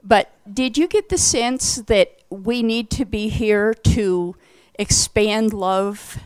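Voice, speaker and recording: A woman's voice: mid-range voice, slow, darkish tone, smooth, dry recording. A woman in the audience asking a searching question, hesitant and restarting often.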